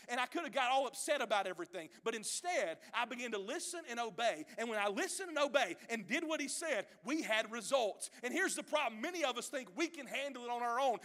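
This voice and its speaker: A male pastor, preaching a sermon that swings from quiet storytelling to loud, shouted exhortation, acting out the voices in his stories. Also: very high-pitched, lively intonation, a little fast, few pauses.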